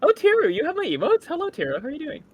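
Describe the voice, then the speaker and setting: Excitable co-streamer on a call, wide lively pitch, quick to laugh. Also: dry recording. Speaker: guest co-streamer filling in. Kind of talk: casual stream chat.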